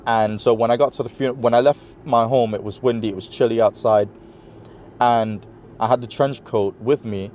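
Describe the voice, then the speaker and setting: A man with a New York accent, appearing as an interview guest, tells a personal story with lots of animation and acts out the quoted dialogue, using many fillers. His voice sits in the mid range and moves at a moderate pace. There's slight background noise.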